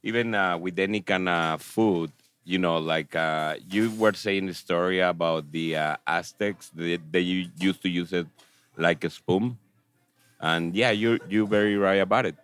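A man, a restaurant owner, explaining his food earnestly and haltingly, with many fillers. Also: sits low, fairly bright tone, smooth. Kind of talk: casual chat.

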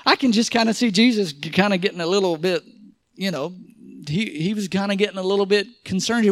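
A man with a notably high voice preaches in church, lively and calling for amens and for the congregation to repeat after him. The sound is dry and close, with little room echo. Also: a little fast. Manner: animated preaching with call-and-response to the congregation. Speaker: pastor. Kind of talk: sermon.

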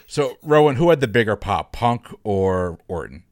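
A man's voice: fairly low pitch, expressive, moderate pace, no room sound, studio quality. A man hosting a casual podcast chat, joking and greeting each guest by name. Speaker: podcast host.

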